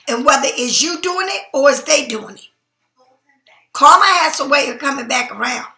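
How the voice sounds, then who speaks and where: A woman's voice: high voice, sharp tone, echoey room. A woman giving a casual tarot reading to her viewers, blunt and emphatic, swearing freely, and sleepy enough to keep yawning. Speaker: tarot card reader.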